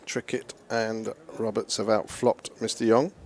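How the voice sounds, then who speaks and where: A man's voice: lowish voice, flat delivery, measured pace. English man doing live poker commentary. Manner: chatty, joking banter.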